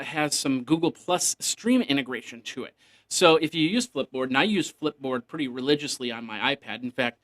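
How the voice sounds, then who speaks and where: A man's voice: medium pitch, fairly bright tone. A man hosting a casual solo tech news podcast, rambling and joking, now and then making beeping computer noises.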